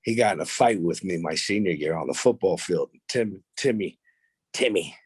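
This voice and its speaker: A low-voiced man tells stories as a podcast guest, blunt and full of swearing. He talks with a cocky edge. The sound is close and dry, with no room behind him. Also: animated, normal speed, darkish tone, breathy edge, no room sound. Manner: blunt, profane, boastful. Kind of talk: casual storytelling interview.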